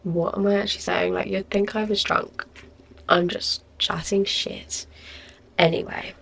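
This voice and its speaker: Tired, chatty young woman, gravelly. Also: medium pitch, fairly even intonation, unhurried, a bit bright. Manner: chatty, rambling, lots of likes and ums. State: tired, yawning. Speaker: podcast host. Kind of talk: casual solo podcast chat.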